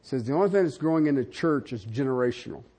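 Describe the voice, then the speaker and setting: An older man preaching a sermon, animated and conversational, with frequent asides to the congregation. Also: fast talker. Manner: animated preaching with wide swings in pitch and loudness, asides to the audience. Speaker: pastor.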